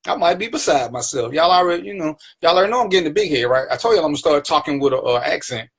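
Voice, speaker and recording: A man's voice: a little high, lively intonation, rapid-fire, breathy edge. A man hosting his own live stream, greeting viewers by name and teasing them in casual, playful banter. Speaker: livestream talk show host.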